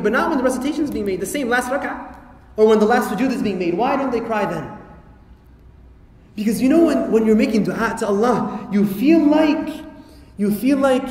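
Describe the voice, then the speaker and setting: A man giving a lively religious talk to an audience, full of rhetorical questions and playful asides. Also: very high-pitched, a little fast. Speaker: Islamic lecturer. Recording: echoey hall reverb.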